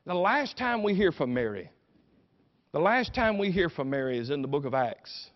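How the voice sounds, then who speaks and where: Folksy preacher with a lively voice. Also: male voice, a little high, normal speed. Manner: folksy, emphatic, dramatic. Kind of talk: dramatic sermon storytelling. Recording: dull recording with long church reverb.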